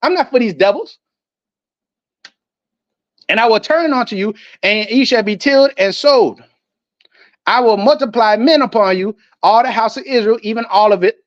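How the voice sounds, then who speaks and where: A man with a notably high voice delivers a fiery sermon, moving between slow scripture reading and combative, profane commentary. The sound is muffled and lo-fi, yet close and dry, with almost no echo. His delivery stays declamatory and defiant throughout. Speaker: preacher. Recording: dull, muffled lo-fi audio.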